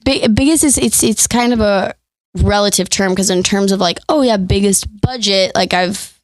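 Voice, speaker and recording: A woman's voice: medium pitch, normal speed, dry recording. Chatty woman podcast guest, dry sound. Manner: chatty, laughs often, many fillers. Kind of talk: casual chat.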